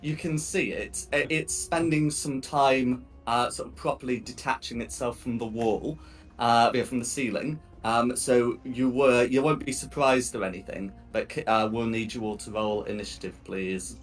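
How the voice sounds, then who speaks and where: A man's voice: medium pitch, fairly even intonation, moderate pace, soft background music. Hesitant man running a tabletop game. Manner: hesitant, many ums and restarts. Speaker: game master.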